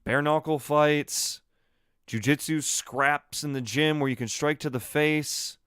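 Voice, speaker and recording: A man hosting his own solo podcast, giving opinionated commentary in an emphatic, animated way full of rhetorical questions. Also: fairly high pitch, slow pace, clear, resonant tone, no echo, studio quality. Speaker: podcast host.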